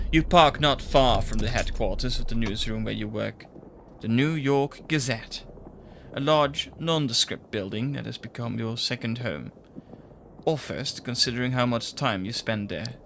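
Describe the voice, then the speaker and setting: A man acting as game master, giving measured, descriptive narration in the second person. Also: medium pitch, sharp tone, a little hiss or hum.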